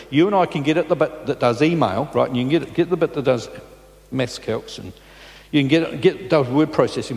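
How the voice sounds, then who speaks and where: A man's voice: mid-range voice, darkish tone. A man preaching a sermon in a church, talking in a conversational way and often checking in with his listeners. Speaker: pastor. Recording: long reverb in a large church.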